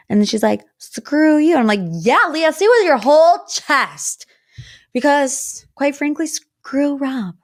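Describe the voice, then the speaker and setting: A young woman hosts a chatty pop-culture podcast, her voice sitting at an ordinary pitch for a woman. She talks in a gossipy, animated way, dropping into playful voices when she quotes people. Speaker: podcast host.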